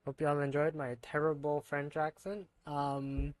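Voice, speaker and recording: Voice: mid-range voice, level tone, a little slow, no room sound. A streamer chatting casually while gaming, thinking aloud with fillers.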